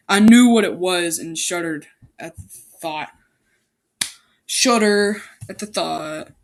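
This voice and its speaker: A woman's voice: fairly low pitch, slow pace, long pauses. A woman casually reading a fan story aloud, often breaking off to joke, comment and correct her own mistakes. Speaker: amateur story reader.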